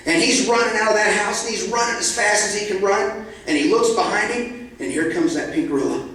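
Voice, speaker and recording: Male storyteller, higher voice, playful with sound effects, echoey hall, mic set back. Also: fairly quick, a bit bright, distant mic. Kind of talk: live storytelling to a family audience. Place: event hall with live audience.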